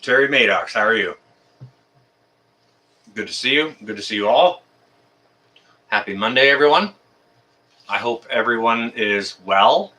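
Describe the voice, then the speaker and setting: A man's voice: medium pitch, lively intonation, a little slow, pauses often, sharp tone. A man from Canada hosting a casual livestream, greeting viewers one by one in a friendly, chatty way with many ums and uhs. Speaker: livestream host.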